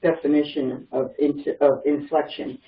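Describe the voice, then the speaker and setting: A man's voice: on the high side, little pitch movement. A man chimes into a class discussion, stumbling and repeating words as he works out his point. He sits well back from his mic. His voice comes through thin and phone-like, with a roomy echo around it. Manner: halting, repeats words while finding a point. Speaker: class participant. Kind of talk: casual discussion on a call. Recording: tinny, echoey phone-like audio from far off the mic.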